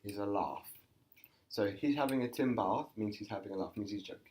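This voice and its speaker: A woman's voice: extremely low pitch, a little fast, a little mellow. An English woman co-hosting a podcast, quizzing her co-host in a playful casual chat. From England.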